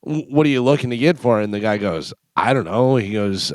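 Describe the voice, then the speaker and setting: Smooth-voiced male radio co-host. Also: mid-range voice, expressive, fast talker, dry recording. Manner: storytelling, acts out quotes. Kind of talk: casual radio chat. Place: radio studio.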